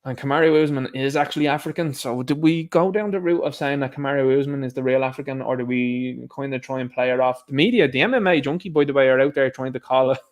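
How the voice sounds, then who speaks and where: Irish male livestream host, mid-pitched, emphatic opinion talk aimed at the viewers. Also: fast talker, hardly any pauses. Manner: emphatic, ranting, talks straight to viewers. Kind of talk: opinionated livestream commentary reading viewer chat.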